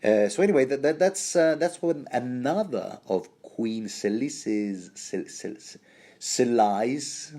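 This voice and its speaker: A man's voice: mid-range voice, expressive, a little slow, few pauses, warm tone. A man hosting a rambling, jokey book commentary, often stumbling and restarting mid-sentence.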